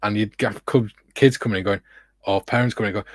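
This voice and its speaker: Low-voiced man telling stories. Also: fairly even intonation, fast talker, no echo. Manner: chatty storyteller, laughs at his own anecdotes. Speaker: livestream co-host reading viewer comments. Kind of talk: casual livestream chat. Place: home hobby room.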